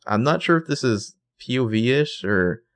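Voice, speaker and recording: A man's voice: medium pitch, animated, unhurried, dry recording. A man co-hosting a podcast, recapping a TV episode in casual chat, rambling and full of fillers. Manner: rambling, filler-heavy, enthusiastic.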